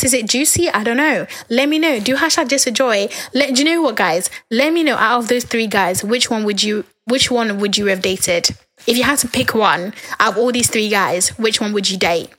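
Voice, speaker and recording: A young adult woman hosting a podcast alone, talking in a candid, rambling, chatty way, her voice a little hoarse from talking so long. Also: medium pitch, a bit bright. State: losing her voice, a bit hoarse. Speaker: podcast host. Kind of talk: casual podcast monologue.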